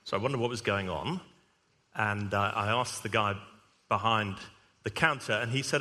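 A man's voice: on the low side, moderate pace, bright, forceful tone. A man, a vicar, preaching a sermon and telling a humorous story. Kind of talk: sermon with anecdote. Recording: long hall reverb.

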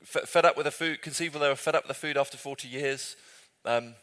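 A man's voice: mid-range voice, fast talker, smooth. Man leading a Bible study. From Britain. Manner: conversational, self-correcting, gently humorous. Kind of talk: group Bible study teaching.

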